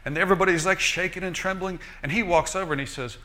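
Lively male preacher, folksy, joking, bright tone. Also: high voice, fast. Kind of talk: sermon.

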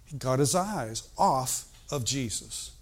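An older man preaching a sermon, animated and emphatic, moving between loud outbursts and hushed, slow emphasis. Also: medium pitch.

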